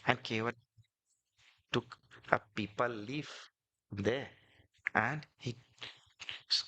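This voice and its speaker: A man's voice: fairly low pitch, dry recording. Man giving a devotional sermon. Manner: animated, repetitive storytelling with rising emphasis. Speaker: swami, spiritual teacher.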